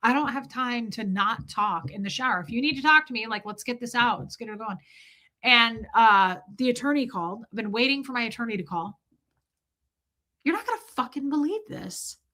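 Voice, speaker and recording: A woman's voice: a little high, animated, normal speed, sharp tone. A woman hosting a livestream, chatting casually and profanely as she tells jokey stories and reacts to chat. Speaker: livestream host reading chat.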